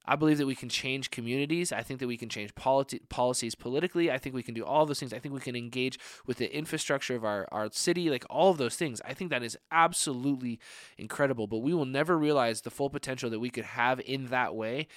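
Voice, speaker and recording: A man's voice: mid-range voice, fast talker, no echo, studio quality. A young adult man preaching a conversational sermon as a young adults pastor, earnest and full of rhetorical questions, often saying "like". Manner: frequent filler "like".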